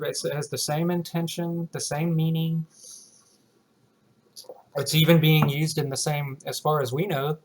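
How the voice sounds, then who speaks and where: Slow, deliberate male teacher. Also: a little high, a little hiss or hum. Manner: explains slowly and deliberately, reads example sentences aloud. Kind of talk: recorded writing lesson.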